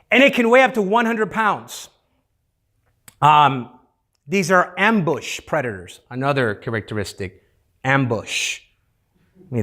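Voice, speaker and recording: A man's voice: a little high, a bit bright. A man leading youth group teaching in a playful, interactive way, having the room repeat key words.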